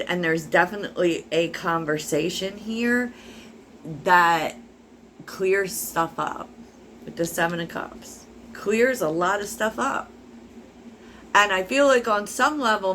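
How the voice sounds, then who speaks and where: Musing woman tarot reader, low voice. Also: fairly bright tone, slight background noise. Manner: musing, talks to viewer with many fillers. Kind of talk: casual tarot reading.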